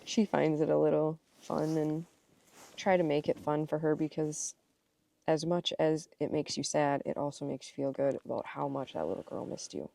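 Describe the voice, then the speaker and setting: Woman, low gravelly voice, animated storyteller, casual podcast chat, outdoors on a marsh, slightly distant mic. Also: normal speed. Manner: animated storyteller, acts out quoted lines. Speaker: podcast co-host.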